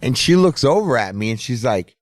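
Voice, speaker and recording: A man's voice: medium pitch, very animated, a little fast, no echo. A middle-aged man telling a casual, profane story as a podcast host. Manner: profane, laid-back storyteller.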